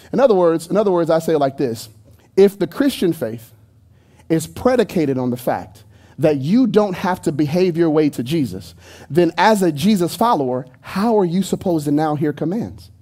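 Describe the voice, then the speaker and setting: In church, a man preaches through a handheld microphone in a mellow, high-sitting voice, animated and fairly quick. He keeps the sermon loose and chatty, tossing jokes and asides to the people in the pews.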